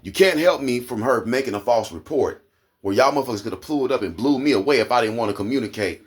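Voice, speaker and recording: A man with an Oklahoma accent ranting angrily to camera, profane and heated, his voice climbing into high indignant peaks. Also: expressive, quick pace, husky. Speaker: vlogger. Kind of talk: angry rant to camera.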